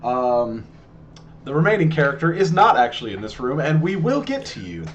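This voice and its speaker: A man narrating as game master of a tabletop role-playing game, relaxed and full of fillers. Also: fairly high pitch, normal speed, highs cut off, slight background noise.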